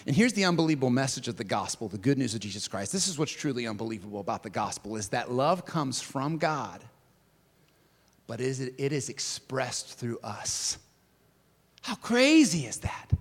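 A man preaching a sermon in a large church hall, telling stories with big swings in loudness and pitch. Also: sing-song, normal speed. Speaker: pastor. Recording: long hall reverb.

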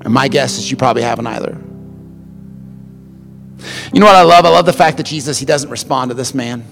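A male pastor preaching a sermon, swinging between loud passionate emphasis and hushed quiet stretches, often repeating words as he starts a phrase. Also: medium pitch, fairly quick, vocal fry, big-room sound, soft background music.

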